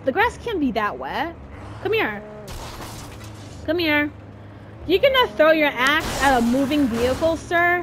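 A woman hosting her gaming channel, chatting casually and exasperated through a let's-play, often exclaiming at the game. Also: sits high. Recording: steady noise with game sounds behind.

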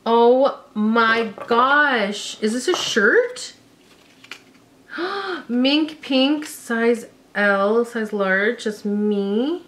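Unboxing items one by one, a young woman vlogger from Canada gets excitable and gushes, gasping and exclaiming as she chats. Her voice is fairly high and her pace slow.

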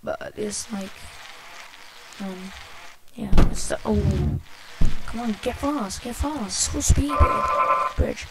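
Excitable swearing woman gamer, loud hiss. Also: medium pitch, slow pace. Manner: excitable, swears often, exclaims at the game. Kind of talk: let's play commentary. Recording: loud background noise, amateur capture.

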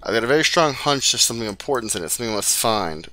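A man's voice: mid-range voice, animated, rapid-fire, bright, forceful tone, dry recording. A man streaming a video game, reading the on-screen text aloud and adding casual comments.

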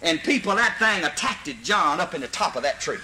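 Animated Mississippi storyteller man. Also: on the high side, a little fast, very noisy. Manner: animated, folksy, bursts into hollers. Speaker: comedian storyteller. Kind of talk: live comedy storytelling.

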